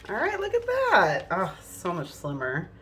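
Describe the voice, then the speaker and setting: A woman's voice: mid-range voice, wildly swooping pitch, a little slow, fairly bright tone, faint music behind. A woman vlogging about her budget at home, chatting casually and counting bills aloud under her breath. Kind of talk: casual chat while counting cash. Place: at home indoors.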